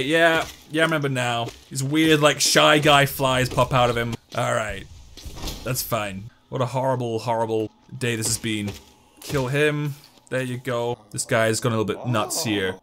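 A young man giving excitable, joking let's-play commentary while he talks to the game. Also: mid-range voice, moderate pace, soft background music. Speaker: gaming YouTuber.

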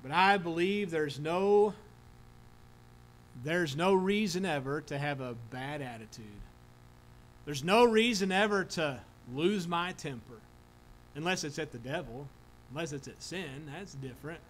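A man's voice: on the high side, measured pace, fairly bright tone, poor audio. A man preaching a sermon as pastor, earnest, with frequent restarts and filler words. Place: church sanctuary.

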